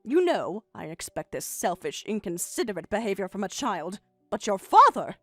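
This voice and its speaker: A woman's voice: medium pitch, sing-song, moderate pace, a bit bright, no room sound, soft background music. A woman playing a bitterly sarcastic mother. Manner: biting sarcasm. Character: middle-aged mother, hurt and bitterly sarcastic. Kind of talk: text-message story voice acting.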